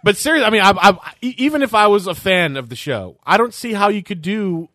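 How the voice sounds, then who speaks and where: A man's voice: high voice, expressive, fast, a bit bright, no echo, studio quality. A man co-hosting a podcast in casual chat, joking and asking rhetorical questions. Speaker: podcast co-host.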